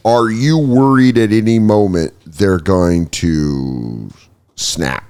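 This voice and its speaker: A man hosting a podcast in casual chat, animated and profane. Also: low-pitched, takes it slowly, clear, resonant tone. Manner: animated, swears a lot, slips into put-on voices. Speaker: podcast host.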